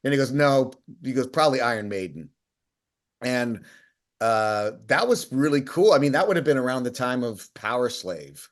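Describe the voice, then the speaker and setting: A man's voice: mid-range voice, expressive, normal speed. A man co-hosting a casual chat, telling stories in a rambling way with many restarts. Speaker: co-host.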